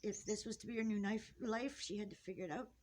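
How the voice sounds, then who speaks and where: Grieving woman narrating her birds, halting. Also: mid-range voice, a little mellow, a little hiss or hum. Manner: halting, emotional, apologetic, with sighs and restarts. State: tearful, upset. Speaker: vlogger filming her pet finches. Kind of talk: casual off-the-cuff narration to camera. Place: indoors at home near a birdcage.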